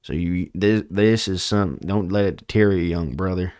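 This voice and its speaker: A man putting on a put-on Southern US accent to voice a gruff preacher-type man giving a drawling, sermonizing pep talk. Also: low voice, normal speed, a little mellow, dry recording, studio quality, lightly acted. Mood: preachy.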